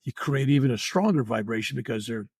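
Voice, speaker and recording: A man's voice: mid-range voice, expressive, brisk, husky, no echo, clean studio sound. An older man, a reverend talking earnestly as a podcast guest, rambling and repeating himself. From United States. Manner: earnest, rambling, repeats words and says "you know" often. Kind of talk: spiritual podcast interview.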